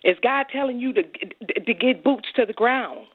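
A woman's voice: fairly high pitch, expressive, normal speed, dry recording. A woman guest on a radio interview, speaking in an emphatic, exhorting way with church phrasing. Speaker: guest, anti-trafficking advocate. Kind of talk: radio interview on a phone line. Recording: tinny phone line.

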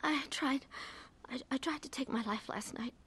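A woman's voice: medium pitch, normal speed, lightly acted. An actress playing a troubled middle-aged woman who narrates her own story in a radio drama, earnest and emotional. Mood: tearful.

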